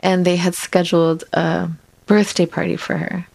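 A woman telling her own story in an interview, reflective and halting, often pausing to find her words. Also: lowish voice, level tone, gravelly, no room sound. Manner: reflective, halting, soft-spoken. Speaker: interviewee, former prison firefighter. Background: soft music.

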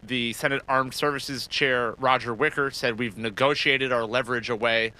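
A male reporter gives animated analysis on a news panel, piling up thoughts and restarting sentences. His voice has a very bright, sharp timbre. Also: medium pitch, normal speed, poor audio.

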